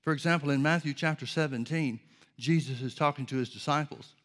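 A man preaching a sermon, teaching in an earnest, measured way and asking rhetorical questions. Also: a little high, a bit bright.

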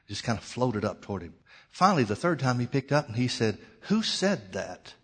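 A man of ordinary pitch preaching a storytelling sermon. He tells it dramatically, rising to loud cries and then dropping to a hushed, quiet delivery. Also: lively intonation, quick pace, breathy edge.

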